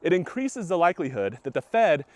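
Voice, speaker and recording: A man's voice: on the high side, fairly quick, no echo. Young guy, chatty walking vlog, slightly winded, dry close sound, laughs through his points. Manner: chatty, animated, laughs often mid-sentence. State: out of breath while walking. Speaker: vlogger. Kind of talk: walking-and-talking vlog commentary. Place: outdoors on a walk.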